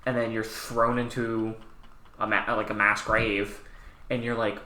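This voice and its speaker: A young man co-hosting a casual podcast, talking in an animated way, swearing and slipping into quick quoted voices. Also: lowish voice, roomy sound, a little hiss or hum. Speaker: podcast co-host. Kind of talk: casual chat.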